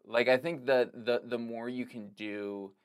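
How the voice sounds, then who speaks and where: Podcast guest, male, mid-pitched and loose; filler-heavy, restarting thoughts as he goes. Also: steady tone, measured pace, clear, resonant tone. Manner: rambling, full of "like" and restarts. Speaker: podcast guest, filmmaker and comedic actor. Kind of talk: casual conversation.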